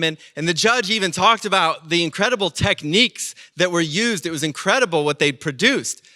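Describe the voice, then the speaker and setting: A man preaching a sermon as pastor, telling stories with lively acted-out voices. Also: high-pitched. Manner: animated storytelling, acting out quoted voices.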